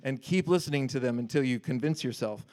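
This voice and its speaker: Casual, animated male preacher. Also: medium pitch, a little fast. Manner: animated, conversational, breaks off to joke and paraphrase. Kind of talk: casual sermon with scripture reading.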